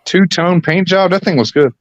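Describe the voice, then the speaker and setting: A man chatting casually on a live stream, excitable and quick to exclaim. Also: high voice, no room sound, highs cut off.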